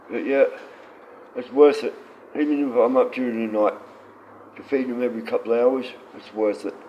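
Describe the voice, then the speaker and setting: A man's voice: mid-range voice, fairly even intonation, unhurried, long pauses, highs cut off, slight background noise. A man chatting casually on a livestream, rambling and swearing freely.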